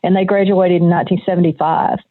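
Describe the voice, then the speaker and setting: An older woman, a retired nurse, reminisces calmly about her career as an interview guest. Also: lowish voice, fast talker, dry recording. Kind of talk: conversational interview. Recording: tinny phone-like line.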